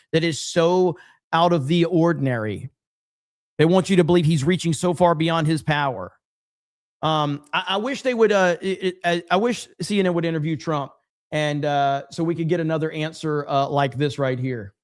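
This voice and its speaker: Male reaction host, slightly high voice, opinionated, many fillers. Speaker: political commentary host. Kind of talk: casual reaction commentary.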